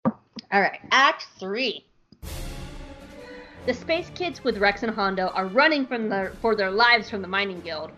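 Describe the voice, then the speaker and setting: A young woman hosting a podcast, recapping a TV episode in a casual, animated way full of likes. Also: mid-range voice, a little slow, pauses often, faint music behind, rough recording. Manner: animated, bubbly, lots of likes. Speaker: podcast host.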